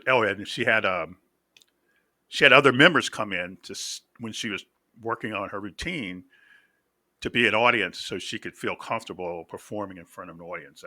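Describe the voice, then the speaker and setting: Bright-voiced man talking haltingly. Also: fairly low pitch, no echo, studio quality. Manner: halting, pauses to find words; storyteller acting out quotes. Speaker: reaction video host. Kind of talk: casual reaction commentary.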